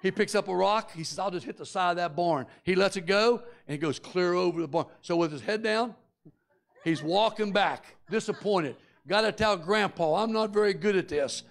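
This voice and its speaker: A man's voice: high voice, normal speed, gravelly. A middle-aged man preaching a sermon, telling a folksy story and acting out its characters before turning earnest and confessional. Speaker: guest preacher.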